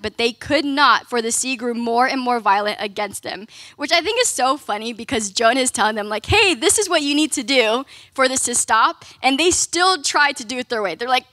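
A woman's voice: sits high, bright, forceful tone, no room sound. A young woman giving a casual, conversational youth sermon, often saying "like" and "right?". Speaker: youth ministry speaker.

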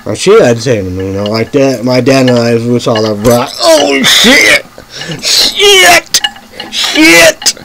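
Man, slow halting monologue, lively swinging pitch, swears in bursts, faint background noise. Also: rough recording. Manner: swings from murmuring to sudden loud outbursts. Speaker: vlogger. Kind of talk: rambling political monologue.

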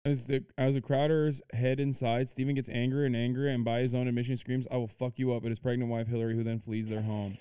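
Male streamer, profane and incredulous rant, warm smooth tone, dry close sound. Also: mid-range voice, little pitch movement, fast talker, few pauses, dry recording. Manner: incredulous, swears a lot, rants. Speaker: streamer reacting to a video. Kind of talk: profane, animated commentary and article reading.

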